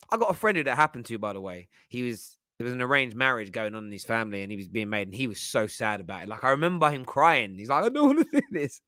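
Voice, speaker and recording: A man's voice: medium pitch, bright, forceful tone, no echo, studio quality. A man hosting football fan commentary, talking in a passionate, emphatic way. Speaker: football channel host.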